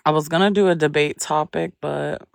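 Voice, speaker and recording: A young woman who is pregnant hosts a laid-back livestream, drawling chattily to viewers and humming in between. She speaks low and creaky in a steady tone at a moderate pace, in studio quality with no room sound.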